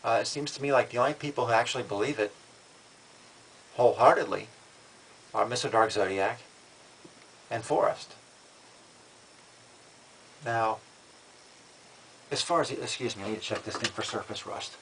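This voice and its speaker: A man's voice: mid-range voice, normal speed, pauses often, a bit bright, a little hiss or hum, poor audio. A man talking to camera in a casual vlog, matter-of-fact and defiant, often restarting and repeating words. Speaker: vlogger.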